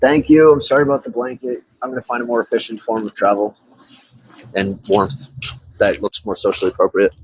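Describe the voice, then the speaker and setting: A man's voice: mid-range voice, little pitch movement, brisk, slight background noise, poor audio. A man chatting casually on a live stream from his phone, rambling and reading viewer comments aloud.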